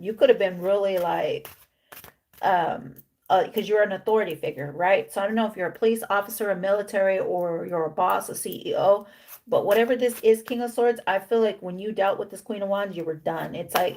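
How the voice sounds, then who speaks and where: Speaking fairly quickly in a mid-range, slightly mellow voice, with a bit of background noise, a woman does a casual tarot reading. She's repetitive and emphatic, mixes Spanish slang words into English, and acts out what the card figures might say.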